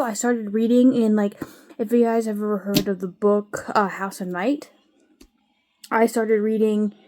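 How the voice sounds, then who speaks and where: A woman's voice: mid-range voice, warm tone. A woman chatting casually to camera at home, rambling with sighs and frequent fillers. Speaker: vlogger. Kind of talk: casual chat.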